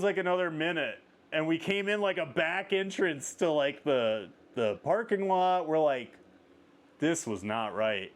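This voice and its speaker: A man hosting a casual interview, telling a travel story with lots of "like" fillers and rising excitement. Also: fairly high pitch. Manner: animated storyteller, many "like" fillers. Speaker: podcast host.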